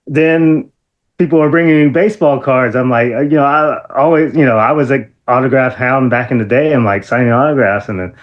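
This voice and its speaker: A middle-aged man with an average pitch tells stories as an interview guest. He rambles with fillers and keeps leaping into high, excited outbursts. He laughs often between lines. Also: a little fast, dull audio. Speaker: interview guest, former wrestler. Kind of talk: animated storytelling.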